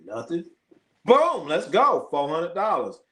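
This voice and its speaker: Animated, profane man telling stories. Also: fairly high pitch, a little slow. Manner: animated, profane, laughs often, acts out quoted exchanges. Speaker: live sports show host. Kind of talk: casual live-stream chat, storytelling.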